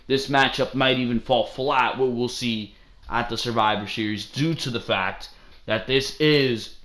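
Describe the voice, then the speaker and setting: A man's voice: mid-range voice, a bit bright. A young man hosting a solo wrestling review show, talking in a blunt, profane, ranting way. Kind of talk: casual solo review commentary.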